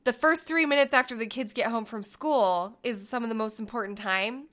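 A woman in her thirties co-hosting a casual chat, a stay-at-home mom who tells animated stories and acts out the voices. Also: a little high, moderate pace. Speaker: podcast co-host.

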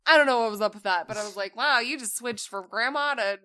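A woman chatting casually with her co-host about family life, telling stories with animated delivery and acting out her kids' lines. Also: on the high side, fast talker, no echo, studio quality. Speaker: co-host, parent.

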